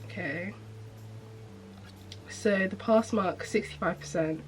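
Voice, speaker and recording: A woman's voice: medium pitch, slow pace, slight background noise, low-quality recording. A young woman chatting casually to camera as a medical student vlogger, upbeat with lots of fillers. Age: young adult. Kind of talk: casual vlog chat to camera.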